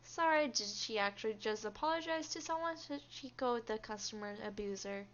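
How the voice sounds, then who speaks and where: A woman streamer reads a story game aloud and reacts expressively as it goes. Her voice is fairly high, and the stream audio sounds a bit dull and lo-fi. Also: animated, moderate pace, a bit bright.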